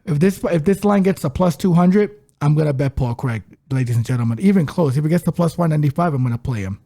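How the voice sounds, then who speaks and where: Gravelly-voiced man talking fight bets. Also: on the high side, quick pace, mellow. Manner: confident, emphatic, blunt. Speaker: podcast co-host, betting analyst. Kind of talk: casual sports-betting chat.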